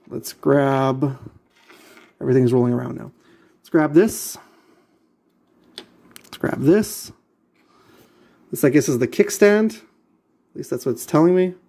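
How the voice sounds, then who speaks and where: A vlogger assembling a model kit chats casually while he works, muttering in exasperation and repeating himself. His voice is medium in pitch, creaky and mellow.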